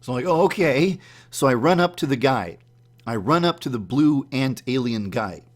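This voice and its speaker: A man telling the story of a dream in a casual, animated way, acting out his own startled reactions in a higher voice. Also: normal speed. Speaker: YouTube channel host.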